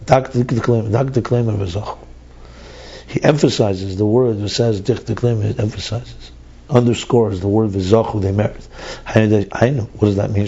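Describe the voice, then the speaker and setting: A man with a lowish, dark, mellow voice leads a study class. He reasons aloud, circling back and repeating words as he works through the text. The recording sounds dull and lo-fi, with a faint hiss behind him. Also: breathy edge. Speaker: teacher of a Chassidus class.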